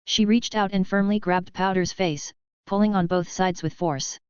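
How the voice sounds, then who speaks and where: A woman narrating a novel aloud in an even, steady reading voice. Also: mid-range voice, normal speed, clean tone, no echo, highs cut off. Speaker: audiobook narrator. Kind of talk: scripted narration.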